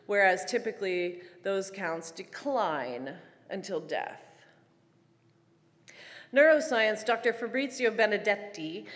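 A woman giving a prepared reflective talk, telling stories in a wry, animated way with dramatic pauses. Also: medium pitch. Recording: long reverb of a large hall.

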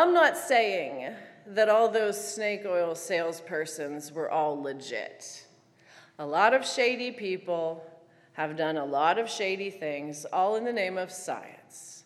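Woman, slow wry storytelling, long hall reverb. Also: lowish voice. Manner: wry, animated storytelling with dramatic pauses. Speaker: speaker giving a reflection talk. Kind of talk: prepared talk with storytelling.

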